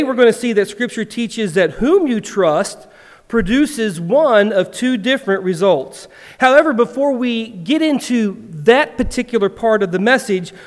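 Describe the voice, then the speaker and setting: A man delivers a sermon in a high, light voice, telling a joke with animated acted-out lines before teaching. The sound carries a long reverb, as in a big hall. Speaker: pastor.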